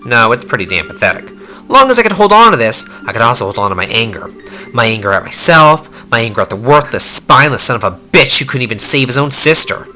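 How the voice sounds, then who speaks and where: A rough young male fighter talks in blunt slang, his delivery rising and falling a lot, as a man reads him aloud. The tone is bright and forward, with a faint bed of game music behind. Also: mid-range voice, very animated, fast. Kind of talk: fan voice-over reading of game dialogue.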